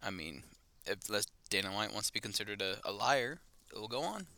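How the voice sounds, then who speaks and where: A man's voice: fairly low pitch, animated, brisk, bright, forceful tone, dry recording. A man co-hosting a casual sports podcast, rambling and correcting himself as he goes. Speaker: podcast co-host.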